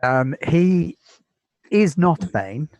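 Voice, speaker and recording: A man's voice: fairly high pitch, animated, slow pace, darkish tone, no echo, rough recording. A British man narrating as game master of a tabletop game, describing scenes in an easygoing way with many fillers.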